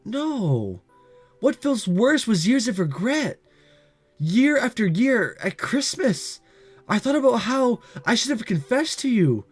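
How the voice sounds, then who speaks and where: Brief: hurt, pleading teen girl, read by a man with a cold, high voice over soft music. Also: big pitch swings, takes it slowly, slightly rough, full character voice. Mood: hurt, accusing. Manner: pleading, rising to accusation. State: has a cold. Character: teenage girl, childhood friend, emotional and hurt. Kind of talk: visual novel voice reading.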